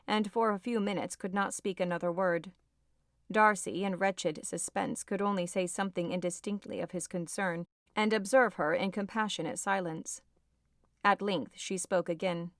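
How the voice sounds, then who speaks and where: A woman's voice: on the low side, steady tone, normal speed, no room sound. Woman narrating a classic novel, dry close sound. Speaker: audiobook narrator. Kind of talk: scripted audiobook narration.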